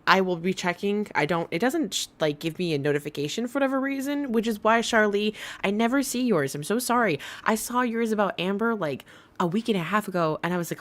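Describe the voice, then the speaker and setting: A woman's voice: mid-range voice, expressive, fairly quick. Chatty swearing woman streamer. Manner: chatty, swearing, laughing asides. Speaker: livestream host. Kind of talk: casual commentary stream.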